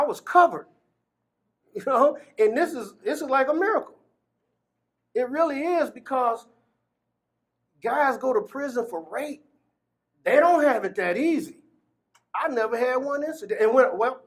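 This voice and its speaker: A man with a notably high voice for his sex recounts his own story in an interview. He is from Gary, Indiana. He acts out the dialogue he quotes and often laughs between phrases. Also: animated, moderate pace, long pauses. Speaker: exoneree telling his story. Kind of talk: personal testimony in an interview.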